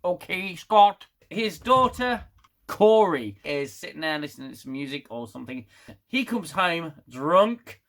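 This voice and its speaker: Man, casual review rant, sarcastic, bright tone, a bit high. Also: lively intonation, measured pace, a little hiss or hum. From United Kingdom. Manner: sarcastic, exasperated, laughs loudly. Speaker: TV show reviewer.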